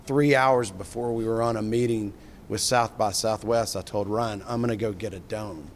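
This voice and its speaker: A middle-aged filmmaker telling an enthusiastic, rambling story in an interview, with frequent restarts. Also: male voice, fairly low pitch, fairly even intonation, normal speed, slight background noise.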